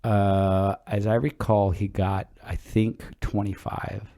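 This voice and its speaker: A middle-aged man with a fairly low voice, co-hosting a casual chat podcast. He tells long stories in a loose, rambling way, dropping swear words as he goes. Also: slow pace. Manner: relaxed, rambling, swears freely. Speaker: podcast co-host.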